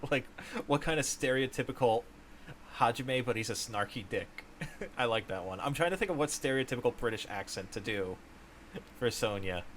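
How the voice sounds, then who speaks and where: A man's voice: medium pitch, lively intonation, normal speed, a bit bright, a little hiss or hum. A man live-streaming a game, chatting casually, reading out viewer messages, often laughing and exclaiming. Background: game music.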